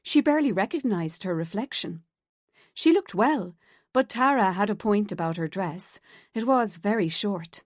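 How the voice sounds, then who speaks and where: A woman narrating an audiobook in a steady storytelling voice. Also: medium pitch, normal speed, dry recording, clean studio sound. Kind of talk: scripted narration.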